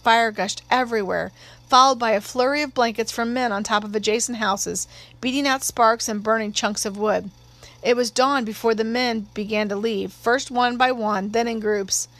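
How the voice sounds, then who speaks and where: A woman narrating an audiobook in a measured, steady storytelling voice. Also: a little high.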